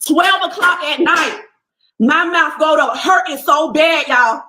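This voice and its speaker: Young woman, casual storyteller vlogging to her followers, sharp bright voice, acts out the other people in the story. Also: high voice, unhurried, roomy sound, a little hiss or hum, low-quality recording. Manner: animated, talks to viewers as y'all, acts out what people said. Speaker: person telling a personal story. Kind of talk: casual first-person storytelling.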